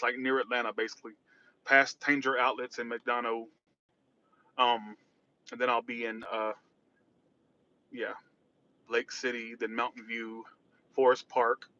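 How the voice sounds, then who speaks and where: In a car on the road, a tarot-reading livestreamer rambles and reacts to his chat in a casual way. His mid-range voice comes across pushed and bright, captured with lo-fi sound.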